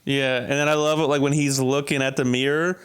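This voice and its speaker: A man's voice: medium pitch, little pitch movement, fairly quick, fairly bright tone, clear, resonant tone. A male comedian on a podcast as a guest, talking in a laid-back way full of fillers and swearing. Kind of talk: casual podcast chat.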